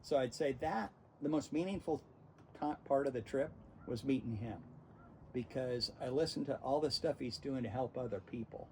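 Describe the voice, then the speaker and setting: A man in his sixties, hosting and telling rambling, animated stories in casual conversation. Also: mid-range voice, normal speed, slight background noise, rough recording. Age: 60s. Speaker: host. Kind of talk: casual storytelling interview.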